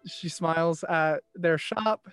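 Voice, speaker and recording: A man playing a tabletop game, describing his character's actions haltingly. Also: a little high, a bit bright, smooth, dry recording, studio quality, soft background music. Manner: halting, thinking aloud. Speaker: player. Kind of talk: casual tabletop play.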